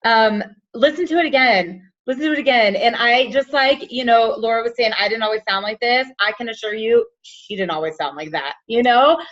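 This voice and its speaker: A woman hosting and coaching a team call, animated, acting out little scenes with lots of fillers. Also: a little high, brisk. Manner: animated, acts out quotes, says like and you know a lot. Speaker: team leader and call host. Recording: muffled lo-fi call audio.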